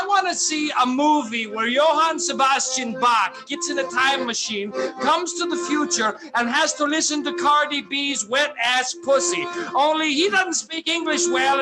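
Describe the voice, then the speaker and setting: A man with a French accent doing stand-up one-liners and puns, loudly shouting his punchlines. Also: very high voice. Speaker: stand-up comedian. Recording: loud accordion music behind.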